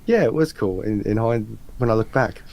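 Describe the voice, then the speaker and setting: A man's voice: normal speed, vocal fry. An Australian man, probably in his thirties, casually telling a story on a livestream and acting out the quotes. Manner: animated storyteller, acts out quotes in a higher voice.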